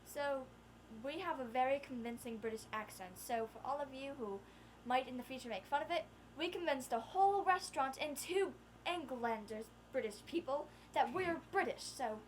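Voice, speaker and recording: A teenage girl vlogging with a friend, chatting casually and chiming in with quick asides. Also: high-pitched, animated, slight background noise. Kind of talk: casual storytelling chat.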